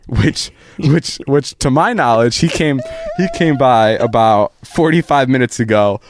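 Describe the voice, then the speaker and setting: Teasing young-sounding podcast host. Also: male voice, medium pitch, noisy background. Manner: teasing, quick questions and laughs. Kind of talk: casual chat.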